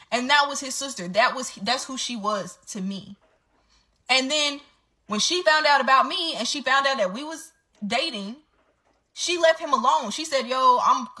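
A woman speaks to her viewers as if they were friends. Her voice sits a little high and rings bright and sharp. She is candid and swears freely in a casual storytime vlog. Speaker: vlogger telling her story.

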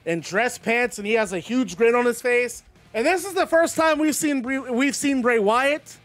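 An excitable male commentator with a very high voice, rambling through his narration of a simulated wrestling show. Faint music plays behind him.

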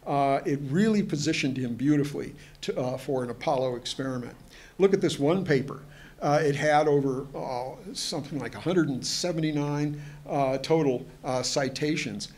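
A man with a somewhat high voice delivers a lecture to an audience. He keeps stopping on uh and um and restarting his sentences, and he drifts into chatty, joking asides. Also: moderate pace, a little mellow. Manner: hesitant, full of fillers and restarts. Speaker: museum historian giving a presentation.

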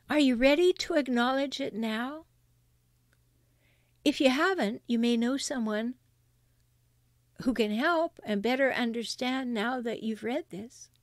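A woman's voice: high voice, no room sound, studio quality. A woman hosting a solo advice podcast, speaking emphatically and directly, repeating key points. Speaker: podcast host and relationship counselor.

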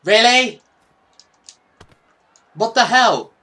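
Excitable man commentating gameplay. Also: very high voice, drawn-out words. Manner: excitable, sweary, mock-patriotic. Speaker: gaming YouTuber.

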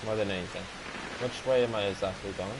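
Heavy background noise surrounds a young gaming video host whose lowish voice races as he commentates a horror game, panicking, cursing, and saying the same things over and over.

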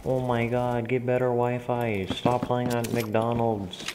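A man giving live commentary on his own shooter match, frustrated and trash-talking opponents, dropping to mutters and then suddenly yelling. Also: medium pitch, fairly even intonation, slow, hardly any pauses, background noise. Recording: game gunfire clearly behind the voice.

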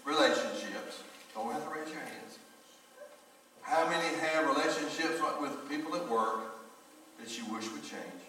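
In a church sanctuary, a middle-aged man preaches with a mid-range voice, lively intonation and a measured pace, sounding pushed and bright. He tells folksy stories and talks directly to his congregation, recorded from afar in an echoey hall.

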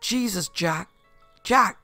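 A man voicing a panicked young male friend who shouts and curses frantically for help. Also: sits high, lively intonation, takes it slowly, no room sound, soft background music, pitched above the performer's own voice, full character voice. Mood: frantic. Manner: frantic, cursing, raised voice.

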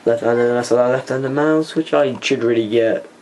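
A man's voice: medium pitch, normal speed, a little mellow. Rambling young male vlogger, noisy camera mic. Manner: rambling, swears at the game, mutters under his breath. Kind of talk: casual vlog chat while playing a computer game. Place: indoors at a computer. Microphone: camera mic, held by hand. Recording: noisy home camera recording.

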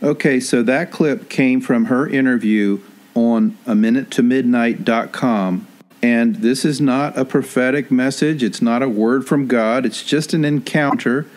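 A man hosting an online commentary show, speaking in a measured, cautionary way. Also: medium pitch, fairly even intonation, a little mellow. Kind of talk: scripted commentary.

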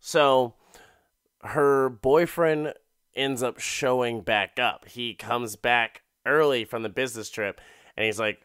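A man's voice: medium pitch, fairly even intonation, slow pace, fairly bright tone, clear, resonant tone, dry recording, clean studio sound. A man hosting a podcast, retelling an episode in a casual, profane, rambling way full of fillers. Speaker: podcast host. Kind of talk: casual comedic episode recap.

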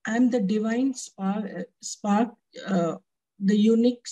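A woman answers her teacher on a video call. She recites points back slowly and with some hesitation. Her voice is mellow and a little husky. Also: medium pitch, poor audio. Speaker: student.

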